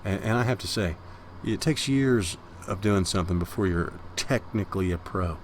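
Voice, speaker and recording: A man's voice: sits low, normal speed, a little hiss or hum. A man hosting a Minecraft let's-play, rambling casually to his viewers and cooing at the cats in his base. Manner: chatty and rambling, talks to viewers as guys; baby talk and meowing at the cats. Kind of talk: casual gameplay commentary.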